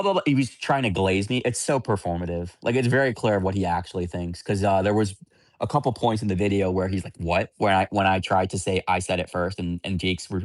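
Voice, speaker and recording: A man hosting a live stream, answering viewer questions in loose, candid chat. His voice sits fairly low, and he talks bluntly and rambles from point to point. The sound is close and dry, with almost no room around it. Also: no echo. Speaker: livestream host.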